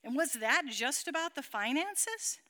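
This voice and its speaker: High, bright-voiced dramatic woman Bible teacher. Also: sing-song, a little slow. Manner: dramatic, keeps checking with listeners, acts out sound effects. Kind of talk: animated Bible teaching to a group.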